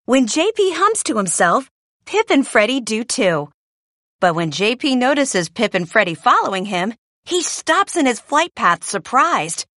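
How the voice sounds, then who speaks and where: A woman reading a children's storybook aloud in an expressive way. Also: a little high, a little slow, no room sound, studio quality. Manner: lively, expressive. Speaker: storybook reader.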